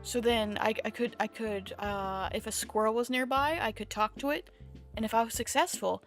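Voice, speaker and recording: A woman talks casually through a drawing stream, hopping from one tangent to the next and laughing at her own jokes. Her voice sits somewhat high. Quiet background music plays under her. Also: moderate pace. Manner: rambling, self-amused, jumps between tangents. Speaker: VTuber streamer. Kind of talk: casual art-stream chat. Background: soft background music.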